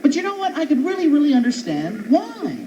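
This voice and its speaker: Guy doing standup, high voice jumping all over, muffled noisy live tape. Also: brisk. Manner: animated, jokey, chatty asides to the crowd. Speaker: stand-up comedian. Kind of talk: stand-up routine. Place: outdoor stage. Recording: muffled live recording with background noise.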